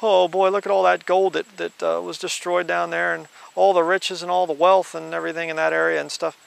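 A man's voice: medium pitch, fairly even intonation, brisk, a bit bright, clear, resonant tone, lightly acted. A man putting on the voice of a whiny believer mourning in a mocking sing-song wail. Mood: mock grief. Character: whiny grieving believer, mock lament.

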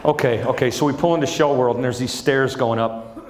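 A middle-aged man performing a stand-up comedy set on a large theater stage, telling stories with lively energy and acting out his family's voices. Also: medium pitch, a little fast, background noise. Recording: echoey live theater with audience.

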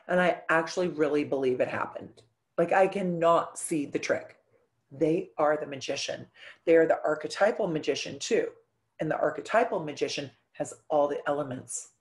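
A woman's voice: sits low, darkish tone. Earnest, emotional woman astrologer. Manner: earnest, emotional storytelling with dramatic pauses. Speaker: astrology channel host. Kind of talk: casual talk to camera.

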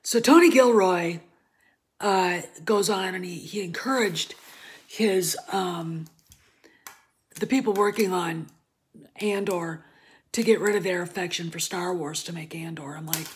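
Woman vlogger, unhurried and blunt, casual ranting commentary with sudden loud flare-ups. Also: on the low side. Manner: blunt, profane, drops to murmurs then flares up loud.

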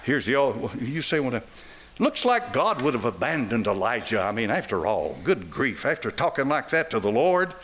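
A man's voice: medium pitch, big pitch swings, moderate pace, a bit bright. An older man preaching a sermon in church, firing rhetorical questions at the congregation. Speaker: pastor. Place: church sanctuary.

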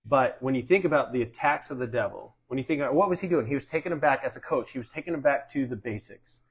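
Male pastor, middle-aged, from the US, husky voice, folksy teaching. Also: medium pitch, fast talker. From United States. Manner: folksy, uses sports analogies, asks "Amen?". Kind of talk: conversational sermon teaching.

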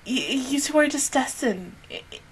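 A woman hosting an anime reaction and review, swearing, laughing and crying out, then talking it through more quietly. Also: high voice, very animated, normal speed, slight background noise. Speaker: anime reaction channel host.

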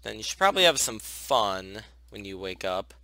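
Young male let's-play host, chatty with his game characters, bright clear tone. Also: fairly low pitch, big pitch swings, normal speed, no room sound. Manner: chatty, talks to his game characters, gushes at cute moments. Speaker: gaming channel host. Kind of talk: casual let's play commentary. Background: soft background music.

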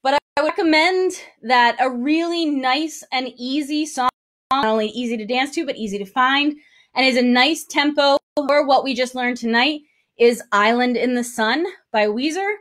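Woman dance teacher, high voice, counts steps while dancing, slightly winded. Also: normal speed, a bit bright. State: out of breath. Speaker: dance instructor. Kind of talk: live-streamed dance lesson. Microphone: single mic while moving around.

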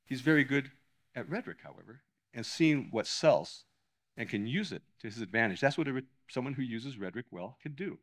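An older man addresses an audience in a lecture hall. His voice sits in an ordinary male pitch range. He talks with animated emphasis, often stopping to restart a word or phrase. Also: fairly quick. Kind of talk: public lecture.

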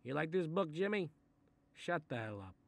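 A man doing a gravelly Italian-American mob boss. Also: a little high, sing-song, moderate pace, no echo, exaggerated voice. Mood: gruff menacing. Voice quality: gravelly, threatening. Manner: grumbling asides, sudden angry outbursts, swearing. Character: gruff Italian-American mob boss father, menacing and short-tempered. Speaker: mob boss reading a children's book. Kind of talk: comedic animated character voice.

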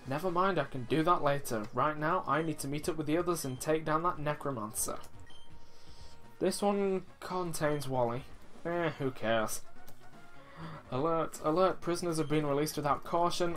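A man's voice: a little high, a bit bright. A man casually commenting as he plays a video game, chatty and self-mocking, reading the game text aloud. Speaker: let's play host. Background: faint game music.

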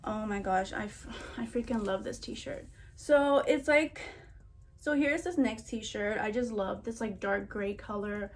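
A woman's voice: fairly high pitch, lively intonation, normal speed. Chatty, gushing young woman vlogger. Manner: chatty and gushing, says freaking and oh my gosh a lot. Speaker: vlogger doing a try-on haul. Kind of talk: casual chat to camera.

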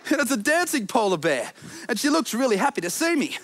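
A woman's voice: fairly high pitch, big pitch swings, fast talker. A woman presenting a children's TV show, exploring playfully, giggling and singing as she talks to the viewers. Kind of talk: children's show narration with songs.

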